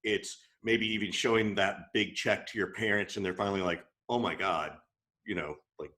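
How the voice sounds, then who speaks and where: مقدّم بودكاست رجل بصوت لامع. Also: male voice, fairly low pitch, fairly even intonation, brisk, sharp tone. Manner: curious, asks probing follow-up questions. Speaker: podcast host. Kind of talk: casual interview.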